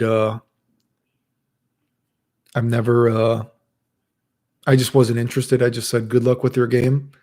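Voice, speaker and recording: Swearing casual man with a mellow voice. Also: mid-range voice, creaky. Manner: profane, storytelling, acts out quotes. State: chronically ill. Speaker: channel host. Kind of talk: casual rambling monologue.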